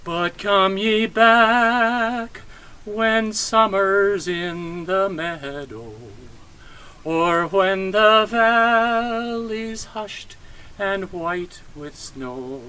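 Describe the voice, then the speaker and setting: Man, high voice, bright tone, very slow tender ballad singing, outdoors at a graveside. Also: clean tone. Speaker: funeral singer.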